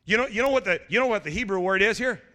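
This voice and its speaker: A male pastor preaches with a voice that swoops wildly up and down, stumbling over restarts before bursting into shouts. His bright, cutting tone rings out into the long reverb of a big hall. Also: sits high, very fast. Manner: animated, stammering restarts, shouted exclamations, jokey asides. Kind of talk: energetic sermon.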